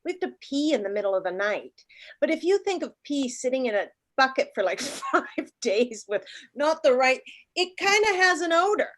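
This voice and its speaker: A woman in her late fifties casually telling a travel story, animated, acting out the voices of the people in it. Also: high-pitched, normal speed. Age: 50s. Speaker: guest.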